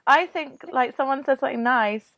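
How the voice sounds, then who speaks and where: A woman's voice: sits high, moderate pace, a bit bright. A young adult British woman hosting a podcast in casual chat, gushing and enthusiastic. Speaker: podcast host.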